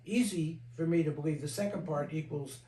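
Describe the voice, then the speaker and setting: Heard off-mic in an echoey room, an older man who is a therapist guides a group discussion with frank talk and stories, occasionally mimicking the people he quotes. His voice is slightly high and warm, and he speaks briskly.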